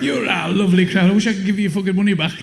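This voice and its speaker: An older man performing a blunt, swearing stand-up comedy routine with deadpan punchlines. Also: high-pitched, rapid-fire, vocal fry, very noisy. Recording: live show in a long-reverb hall.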